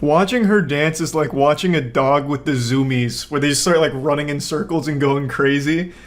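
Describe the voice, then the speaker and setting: A young man giving casual commentary on a video clip, with a dry, deadpan, sarcastic delivery, relaxed pacing and casual swearing. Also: fairly high pitch, a faint crowd, a little hiss or hum. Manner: relaxed, unhurried storytelling with frequent fillers. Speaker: YouTube commentator.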